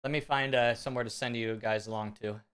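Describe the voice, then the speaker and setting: A man from Central California, chatting casually and excitably with viewers on a live stream. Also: mid-range voice, fast, smooth. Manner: rambling, excitable, talks to chat. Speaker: fitness streamer.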